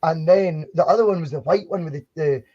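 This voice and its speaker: A man co-hosts a live fan podcast in a loose, rambling way, often restarting his sentences. His voice sits a little high but dark and mellow in tone. The recording sounds dull and lo-fi. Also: a little fast. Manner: chatty, rambling, frequent restarts. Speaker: podcast co-host. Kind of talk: casual live-stream chat. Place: home studio for a live stream.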